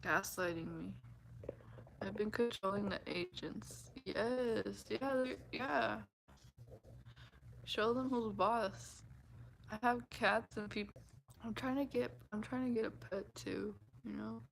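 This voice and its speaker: A woman's voice: medium pitch, takes it slowly, vocal fry, slight background noise, low-quality recording. A woman chatting casually with her viewers, laughing often and acting out what people said. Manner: giggly, laughs often, acts out quotes. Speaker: livestream host chatting with viewers. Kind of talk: casual chat.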